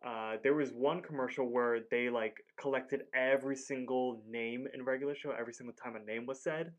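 This podcast co-host chats casually about a cartoon episode, speaking a little fast in a medium-pitched, steady voice. He rambles with plenty of "like" and voices the characters' lines himself.

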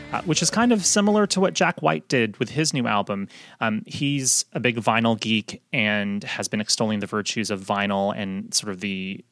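A man co-hosting a music podcast, explaining chart figures in a steady, informative way with occasional fillers. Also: on the low side, no room sound, studio quality. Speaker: podcast co-host, chart analyst. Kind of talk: casual podcast chat, explaining chart facts. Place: Los Angeles, remote line.

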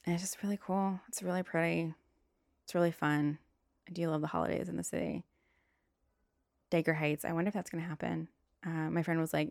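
A woman's voice: low-pitched, a little fast, no echo, clean studio sound. A young woman hosting a casual solo podcast, telling blunt, profane stories and acting out her own outbursts. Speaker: podcast host.

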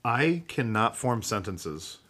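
A male musician chats as a podcast guest in a studio. He tells rambling, self-mocking stories in a fairly low voice. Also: big pitch swings, slow, a bit bright. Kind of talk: casual chat.

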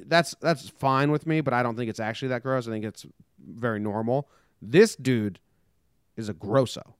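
Man, young adult, American, casual comedic podcast chat, rambling storyteller, smooth voice, dry close sound. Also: medium pitch, moderate pace, dry recording. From United States. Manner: rambling storyteller, acts out quotes in silly voices. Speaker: podcast co-host.

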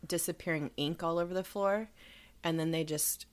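A woman's voice: sits low, steady tone, moderate pace. A young woman co-hosting a podcast, chatting casually and indignantly, swearing often and using many fillers. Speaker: podcast co-host. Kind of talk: casual chat.

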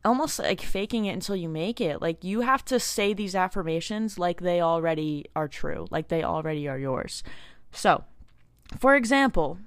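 A woman's voice: on the low side, smooth, no room sound. Earnest young woman hosting a podcast. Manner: earnest and encouraging, talks directly to listeners; casual with many likes and you knows. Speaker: podcast host. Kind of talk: casual self-help podcast monologue.

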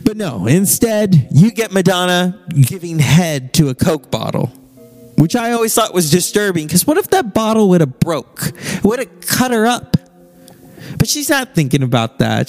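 A man's voice: fairly high pitch, sing-song, unhurried, a little mellow, soft background music. A man hosting a podcast in a casual, irreverent monologue, swearing freely and slipping into mock voices. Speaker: podcast host.

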